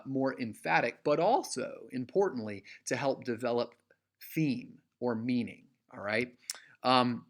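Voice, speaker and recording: A man's voice: mid-range voice, fairly bright tone. A man teaching a recorded literature lecture, acting out stresses in words, with frequent "uh"s and restarts.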